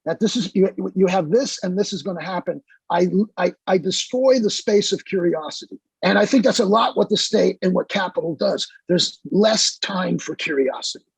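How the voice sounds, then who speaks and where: Male guest, gravelly and husky, reflective and halting, dry recording. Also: high-pitched, no echo, poor audio. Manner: musing, halting, with many fillers. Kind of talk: reflective podcast talk.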